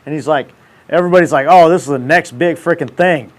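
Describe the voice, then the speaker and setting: A man in his thirties hosts a casual livestream, talking fast in a fairly high voice. He rants in brash, profane, slang-heavy banter.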